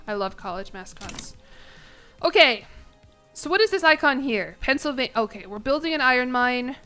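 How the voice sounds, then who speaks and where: Here a young woman plays a strategy game on stream, bantering loosely with viewers. Her tone is bright, her pitch a little high, and she's sarcastic and foul-mouthed.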